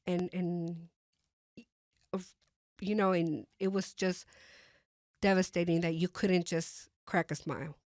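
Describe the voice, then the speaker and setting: A woman with a somewhat low voice tells her personal testimony as a guest in conversation. She talks haltingly, full of fillers and restarts, and drops her voice softly when she re-enacts what she thought. The sound is close and dry, with no room around it. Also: fairly even intonation, dry recording.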